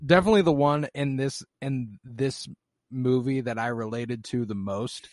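A man's voice: medium pitch, moderate pace, darkish tone, no room sound, studio quality. A man co-hosting a film podcast, talking casually and animatedly, swearing and restarting often. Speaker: podcast co-host.

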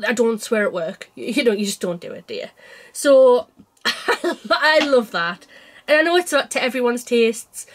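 A woman with a bright, high speaking voice chats to camera about her cross-stitch work. She teases herself and laughs often, and she is getting over a cold. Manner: chatty and self-mocking, laughs often. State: unwell with a cold. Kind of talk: casual chat to camera.

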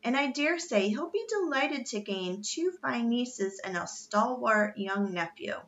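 A woman's voice: fairly high pitch, lively intonation, unhurried, a bit bright, muffled recording, pitched above the performer's own voice. A woman voicing a proper, unflappable male butler who speaks politely and formally in a storybook reading. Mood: gently reassuring.

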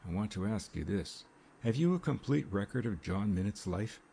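A man doing a quiet, guarded gentleman. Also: fairly low pitch, animated, vocal fry, slightly rough, heavily acted. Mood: firm. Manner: quiet, measured.

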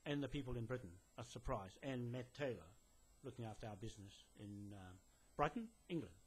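A man's voice: mid-range voice, expressive, fairly quick, slightly rough. A man delivering a direct-to-camera message to a police detective indoors, rambling with many fillers and restarts, insistent and lecturing. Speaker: land claimant addressing a police detective. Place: indoors in a building.

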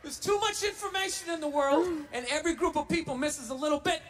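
Man, stand-up comedian, loud ranting delivery, played back from a distance, noisy. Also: very high-pitched, fast.

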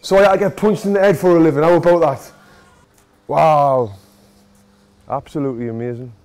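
This man's voice is a little high and a little mellow, with a steady tone, a brisk pace, and no echo. He's a Sunderland boxing coach and vlogger in his thirties with a Mackem accent, filming a casual, emotional vlog at a football stadium. He's chatty and pokes fun at himself.

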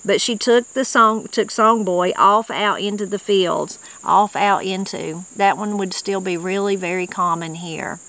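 A woman's voice: medium pitch, steady tone, measured pace, hardly any pauses, a bit bright, poor audio. A woman with an Appalachian accent, hosting and explaining regional words in a folksy, conversational way, now and then reading dictionary entries aloud. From Appalachia, western North Carolina. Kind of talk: casual explanatory talk.

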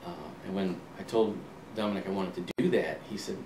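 A man in his sixties, an author being interviewed, telling relaxed anecdotes and acting out old conversations, with frequent ums and restarts. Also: sits low, brisk. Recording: roomy, distant mic, faint ambient hum.

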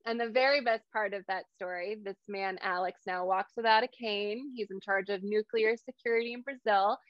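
A woman's voice: mid-range voice, fairly even intonation, normal speed, no echo, muffled recording. A woman in her thirties, a hypnotherapist, telling a personal story as a guest speaker and acting out the lines she quotes. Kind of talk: storytelling talk on a video call.

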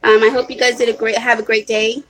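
On a low-quality phone or webcam recording from her hot room at home, a vlogger talks fast in a level tone about her shopping haul. Her bright, slightly high voice keeps apologizing, rambling, and restarting sentences with plenty of ums.

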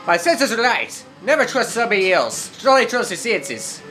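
A man's voice: sits high, big pitch swings, moderate pace, pushed and bright, faint music behind. A man casually commentating over gameplay, joking and riffing, sometimes in mock broken English. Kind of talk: casual let's-play commentary.

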